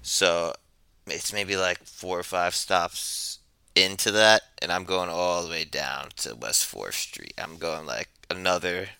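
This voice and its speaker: Laid-back low-voiced New man. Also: takes it slowly, creaky, pushed and bright, smooth. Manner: laid-back, rambling, profane. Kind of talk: casual storytelling. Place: New York.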